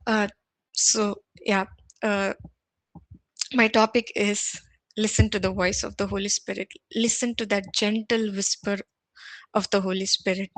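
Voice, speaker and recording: A woman giving a morning devotional sermon, gentle and earnest, often restarting and repeating words. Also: mid-range voice, little pitch movement, measured pace, pauses often, no room sound. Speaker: devotional speaker.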